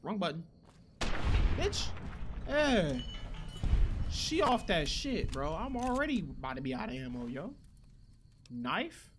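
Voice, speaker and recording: A young man giving casual, profane gameplay commentary who reacts loudly to the action. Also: on the high side, big pitch swings, normal speed, background noise. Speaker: gaming channel host.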